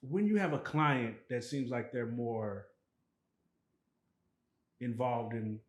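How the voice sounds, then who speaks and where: Dude hosting a podcast, laid back, lots of ums, echoey room. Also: male voice, medium pitch. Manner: relaxed, halting questions with fillers. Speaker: podcast host. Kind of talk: casual interview. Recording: roomy echo.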